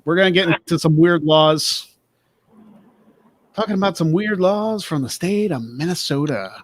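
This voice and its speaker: A Pennsylvania man hosts a casual talk show, reading out odd laws and joking about them. His voice is on the high side, and he speaks at a moderate pace.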